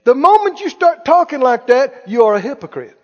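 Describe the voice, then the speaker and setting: A pastor preaches to a live church congregation in a very high-pitched, sing-song voice, moving briskly. He's emphatic, repeating key phrases and asking whether the listeners hear him, while the recording sounds echoey, dull and lo-fi.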